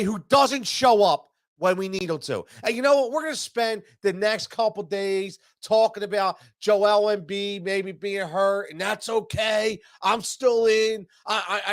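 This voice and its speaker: A man's voice: high-pitched, no echo, studio quality. A man hosting a sports show, ranting after a loss, stammering and repeating himself, stuffy from allergies. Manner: heated, repetitive, stammering restarts. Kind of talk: frustrated postgame rant.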